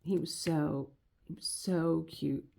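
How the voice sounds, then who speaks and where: Middle-aged woman, mellow and slightly low, rambling heartfelt craft-vlog chat. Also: steady tone, slow, creaky. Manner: rambling and heartfelt, many restarts. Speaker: crafting vlogger. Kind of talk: casual chat while crafting.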